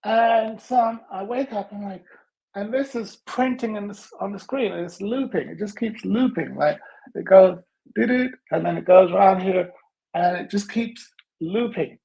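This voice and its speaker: A man's voice: high voice, moderate pace, creaky, dark tone, low-quality recording. A man hosting a motivational podcast who tells stories animatedly and acts out the dialogue in them. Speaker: podcast host. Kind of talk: motivational storytelling talk.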